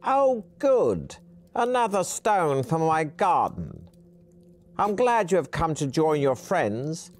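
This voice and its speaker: A man putting on a high-pitched giggling old hermit. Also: very animated, slow pace. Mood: gleeful menace. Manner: gleeful, menacing, chuckling.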